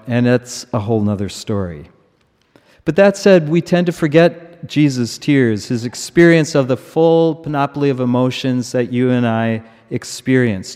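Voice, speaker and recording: A middle-aged man preaching a sermon in a church, slow and measured, repeating key words for emphasis. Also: mid-range voice, a little mellow, clean tone. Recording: long reverb of a large church.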